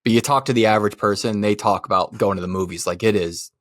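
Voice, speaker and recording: A man's voice: on the low side, quick pace, a bit bright, dry recording, studio quality. A man co-hosting a movie podcast, talking loosely and profanely, laughing as he rants. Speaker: podcast co-host. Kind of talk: casual chat.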